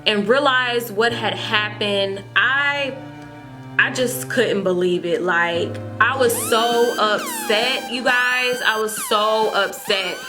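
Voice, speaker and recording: A young adult woman vlogger telling a storytime to her viewers in an animated way, repeating herself as she goes. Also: fairly high pitch, slow, music in the background. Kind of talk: storytime vlog chat.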